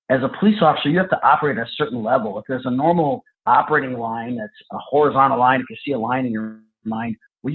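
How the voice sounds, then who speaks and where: A man, a police trainer and podcast guest, telling stories in a lively, conversational way. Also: medium pitch. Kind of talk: storytelling interview answers. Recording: tinny phone-like line.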